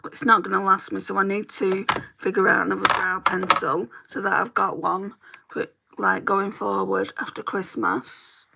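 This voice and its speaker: A woman's voice: mid-range voice, level tone, normal speed, vocal fry, pushed and bright, a little hiss or hum. A woman from England with a Northwest English accent, chatting on a beauty livestream while doing her makeup and answering viewers' comments. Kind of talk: chatty get-ready-with-me livestream.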